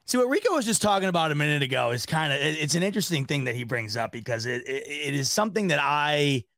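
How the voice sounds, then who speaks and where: Rambling, animated male podcast host. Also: a little high, fast, no room sound. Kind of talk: casual sports podcast chat.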